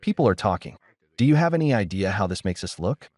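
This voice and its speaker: A man's voice: fairly low pitch, very animated, fast, a little mellow, no echo. A man voicing a stern, domineering middle-aged father who scolds sharply through gritted teeth.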